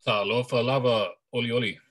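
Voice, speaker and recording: Bright-voiced male student repeating phrases. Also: medium pitch, steady tone. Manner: careful, repeats phrases slowly. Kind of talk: reading lines in a language class.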